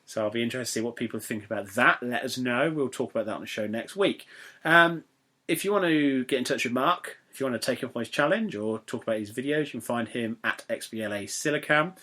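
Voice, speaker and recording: A man's voice: mid-range voice, quick pace, bright, forceful tone. A young man from England hosting a podcast in casual, rambling, jokey chat that keeps wandering into digressions. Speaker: podcast host.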